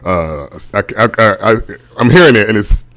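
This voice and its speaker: A middle-aged man with a deep voice, telling a laid-back stand-up set over a video call and laughing at his own jokes. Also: animated, moderate pace, fairly bright tone. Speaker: stand-up comedian.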